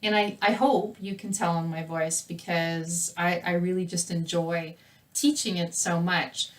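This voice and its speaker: Lively woman teaching, slightly distant mic. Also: fairly low pitch, measured pace. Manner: lively conversational delivery, voice rising and falling. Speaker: public speaking teacher. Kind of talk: presenting a recorded lesson to camera.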